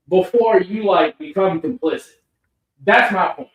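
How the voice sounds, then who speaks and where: A combative man co-hosts a political reaction show, swearing hard and talking over the others. His voice sits a little high. The room around him echoes noticeably. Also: moderate pace, a bit bright. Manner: profane, argumentative, interrupts. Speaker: co-host. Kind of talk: heated political reaction chat. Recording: roomy echo.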